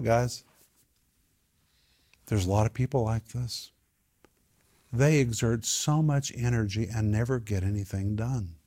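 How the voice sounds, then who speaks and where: A man's voice: medium pitch, a little mellow. A man teaching a Bible study, emphatic and repetitive, drawing out key words and asking his listeners questions. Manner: emphatic, repeats key phrases, asks the group questions.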